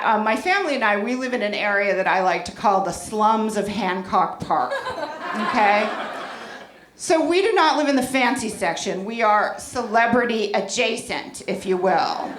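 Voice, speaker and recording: A woman's voice: medium pitch, fairly bright tone. A woman in her forties doing a brash, profane, self-deprecating stand-up set in a comedy club. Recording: roomy club with audience laughter. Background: audience laughter.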